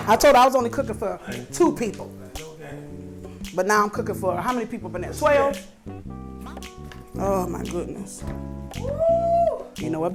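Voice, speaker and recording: A middle-aged woman hosting a casual cooking vlog in her home kitchen, chatty and teasing, talking to viewers as y'all. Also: mid-range voice. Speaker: cooking show host. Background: music and family chatter.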